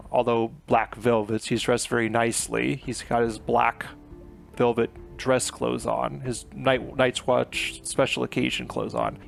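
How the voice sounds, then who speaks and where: Gravelly-voiced male book reviewer, chatty and loose, with soft guitar bed. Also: medium pitch. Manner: chatty, filler-heavy retelling with paraphrased quotes. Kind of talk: casual book recap.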